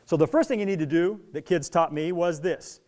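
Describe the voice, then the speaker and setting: His voice is fairly high-pitched and a little fast. This middle-aged man speaks to an audience on parenting young athletes, telling stories with animation and acting out the scenes along the way.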